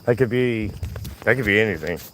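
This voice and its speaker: A man chatting to his viewers on a live vlog while walking a trail, his voice hoarse from yelling. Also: on the low side, fairly quick, a little hiss or hum. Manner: chatty, talks to himself and viewers. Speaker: vlogger. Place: outdoor nature trail.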